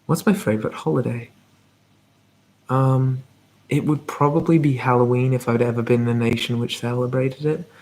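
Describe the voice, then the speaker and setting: A man hosting a live whispered ASMR Q&A, talking softly and rambling as he reads out viewer comments. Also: mid-range voice, steady tone, moderate pace. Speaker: ASMR channel host.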